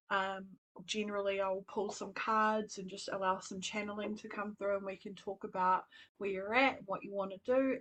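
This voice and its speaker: Brief: New woman, spiritual coach on a live stream, soft and earnest, mid pitch. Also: poor audio. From New Zealand.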